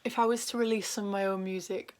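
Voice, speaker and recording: Talking fast, a young Northern English woman with a medium-pitched, steady voice rambles casually as she does her makeup for a beauty vlog. She frequently lowers into soft half-whispers, and her sentences tend to end on an upward lift.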